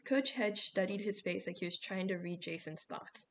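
A woman narrating a novel as an audiobook in a steady storytelling manner. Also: fairly low pitch, moderate pace, a little hiss or hum.

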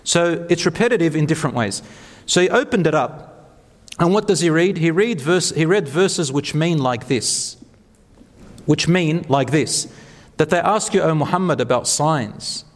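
A man's voice: on the high side, animated, moderate pace, long reverb tail. A man giving an earnest, encouraging religious talk, telling stories to an audience. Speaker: speaker at a talk.

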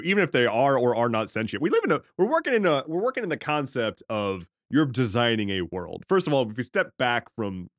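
A man's voice: lowish voice, a bit bright, dry recording, studio quality. A man co-hosting a casual podcast as a game master, explaining his thinking at length with joking asides. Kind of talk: casual podcast chat about tabletop games.

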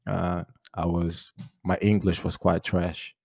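Joking podcast host, dry close sound. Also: male voice, low-pitched, slow pace, gravelly, slightly rough, no room sound. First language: Portuguese. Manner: joking, laughs often, animated storytelling. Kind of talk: casual chat.

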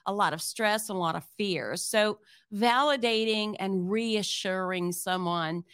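A woman hosting an interview about caregiving, speaking with empathy and explaining as she asks her questions. Her voice is smooth and resonant, recorded dry and close. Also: mid-range voice, unhurried, a bit bright, no room sound. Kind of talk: interview host.

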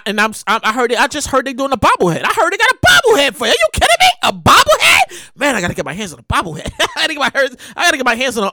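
A man giving excitable, slangy, casual commentary, often loud and drawn out on exclamations. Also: very high-pitched, no echo.

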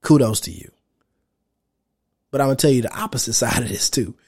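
A man in his thirties hosting a podcast, giving casual, direct advice in a slangy, animated way and acting out what other men might think. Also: mid-range voice, a little fast, breathy edge. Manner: animated, slangy and direct, acts out quoted thoughts. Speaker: podcast host.

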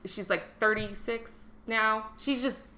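Bright-voiced woman telling a story. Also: fairly high pitch, takes it slowly. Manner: expressive, imitates people in her stories. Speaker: podcast guest. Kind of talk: casual chat.

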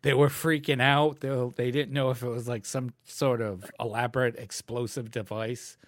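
A man's voice: medium pitch, little pitch movement, normal speed. Rambling, laughing man in casual chat. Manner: rambling storyteller, laughs often, many fillers. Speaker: podcast co-host.

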